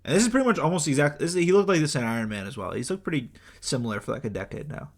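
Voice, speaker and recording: A man's voice: on the high side, lively intonation, rapid-fire. A young man co-hosting a podcast, telling a celebrity story in casual chat with lots of fillers and acted-out quotes. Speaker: podcast co-host.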